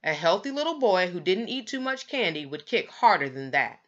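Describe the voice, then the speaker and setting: A woman's voice: fairly low pitch, very animated, normal speed, a bit bright, muffled recording. A woman voicing a stern, disapproving doctor, matter-of-fact, in a storybook read-aloud.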